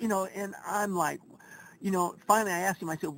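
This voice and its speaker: A folksy middle-aged man coaching baseball tells a story in an interview, his voice sitting a little high for a man. He acts out his own lines with lively swings, and a faint ambience hums behind him. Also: quick pace, gravelly, a little hiss or hum, poor audio. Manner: folksy, animated storyteller who acts out quotes. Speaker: first base coach.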